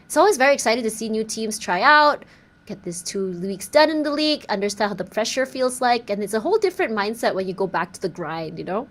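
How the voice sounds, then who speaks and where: A woman's voice: on the high side, animated, quick pace, a bit bright. A woman casting a mobile esports match live, in a bubbly, playful way. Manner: bubbly, playful, self-teasing. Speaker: esports caster. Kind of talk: live game commentary. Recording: faint background noise.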